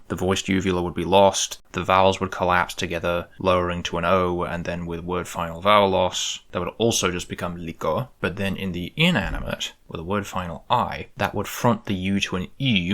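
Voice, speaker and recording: A man with a very deep voice talks through a tutorial as if thinking aloud. He sounds musing and tentative and often corrects himself mid-thought. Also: moderate pace, few pauses, fairly bright tone. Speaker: conlang creator.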